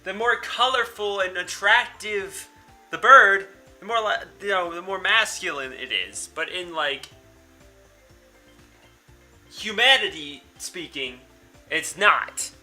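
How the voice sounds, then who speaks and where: Bright-voiced young man reading a game. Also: sits high, slow pace, faint music behind. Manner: casual, blunt, swears freely. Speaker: let's-play host. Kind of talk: reading a visual novel aloud with commentary.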